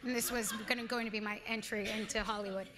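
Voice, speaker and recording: A woman in her thirties being interviewed on a live event stage, telling stories in an earnest, animated way with frequent restarts. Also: mid-range voice, fast, noisy background. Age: 30s. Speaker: guest actress. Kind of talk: onstage interview conversation.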